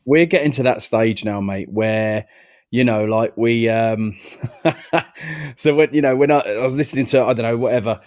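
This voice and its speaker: A man's voice: mid-range voice, normal speed, darkish tone. A man co-hosting a casual chat, telling jokey stories with mock outrage. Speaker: podcast co-host.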